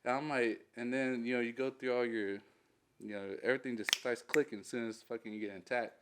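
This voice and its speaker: A man who is a military veteran, telling a war story in a casual interview, swearing freely, animated and laughing as he goes. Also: mid-range voice, a little fast, clean tone.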